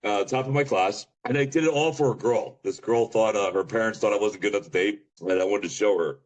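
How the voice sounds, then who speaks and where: A middle-aged man from Pennsylvania, a podcast guest telling a rambling story, with a deep voice and casual slang. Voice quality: deep voice often remarked on. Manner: rambling, fast, says bro and dude.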